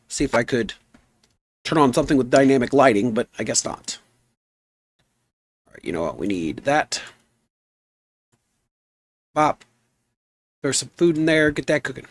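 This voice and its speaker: Easygoing man with a rough voice. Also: medium pitch, expressive, a little slow, pauses often. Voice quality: rough, gnarly voice. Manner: easygoing, rambling, reads chat aloud. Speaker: game streamer. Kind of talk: casual live-stream chat.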